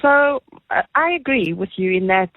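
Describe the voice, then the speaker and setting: A South African woman calling in to a talk radio show, telling a story with animated, sarcastic asides. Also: medium pitch, normal speed, dry recording. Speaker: caller. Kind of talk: casual radio call-in chat. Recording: dull phone line.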